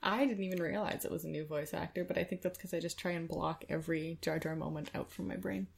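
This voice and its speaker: A woman with a low voice and plenty of vocal fry chats casually on a podcast. She laughs easily and talks loosely. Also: steady tone, fast. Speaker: podcast co-host. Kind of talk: casual chat.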